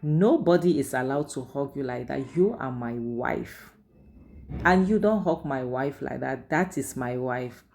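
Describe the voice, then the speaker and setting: A jealous, controlling husband barks possessive orders at full volume, as a woman acts him out. His pitch jumps high above her usual voice, and every line comes out rude and commanding. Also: expressive, a little slow, creaky, full character voice. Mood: furious. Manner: loud, shouting, possessive demands.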